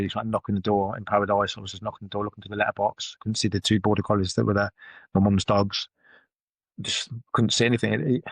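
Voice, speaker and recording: Man, podcast guest, low voice, blunt and sweary storytelling, dry close studio sound. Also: no room sound. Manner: blunt, swears freely, loose run-on phrasing. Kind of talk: candid personal storytelling in conversation.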